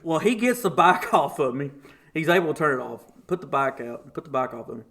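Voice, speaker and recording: A man's voice: a little high, a little fast. A man, a guest on a podcast, telling a story in casual chat, often laughing and acting out the voices of the people in it. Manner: animated, laughs often while telling stories; acts out voices of people in his stories.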